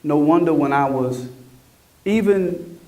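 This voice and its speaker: A middle-aged man from Mississippi gives an animated motivational talk and keeps checking in with his audience. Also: on the high side, takes it slowly, recorded from a distance. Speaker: conference speaker. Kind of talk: motivational storytelling speech.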